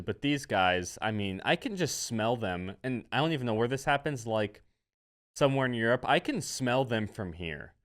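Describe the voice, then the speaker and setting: A man's voice: fairly low pitch, fairly bright tone, clear, resonant tone. A young man hosting a comedy vlog, ranting in a rambling, mocking way and repeating his catchphrases.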